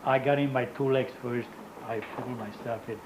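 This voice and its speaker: Against a noisy background, an older man gives his Holocaust survivor testimony in an oral history interview. His medium-pitched voice stays steady as he speaks halting, non-native English, often stopping to search for words.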